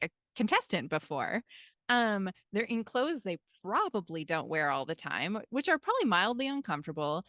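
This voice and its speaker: Animated chatty Midwestern woman host. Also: medium pitch, dry recording, clean studio sound. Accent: American Midwestern. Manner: chatty, animated, acts out quotes. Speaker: podcast host and life coach. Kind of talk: casual podcast chat.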